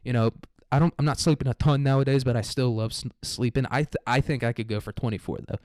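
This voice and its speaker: Young dude ranting on the news, cussing a lot, sarcastic, smooth voice, dry mic. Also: male voice, medium pitch, fairly even intonation, fast, a little mellow, dry recording. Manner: irreverent, sarcastic, swears constantly. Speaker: commentator. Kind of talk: casual profane news commentary.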